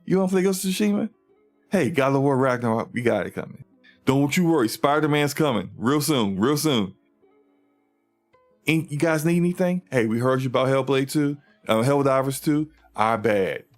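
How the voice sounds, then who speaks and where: A man mockingly voicing a fawning, smug male company rep who turns dismissive, pitching his voice well above his own. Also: expressive, normal speed, soft background music, natural voice. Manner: overly accommodating, then dismissive.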